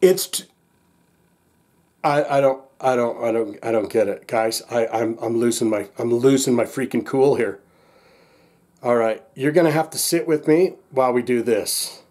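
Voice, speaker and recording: A man's voice: mid-range voice, normal speed, darkish tone. A man hosting a casual reaction vlog, agitated and exasperated, rambling with lots of restarts and swearing. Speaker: music reaction channel host.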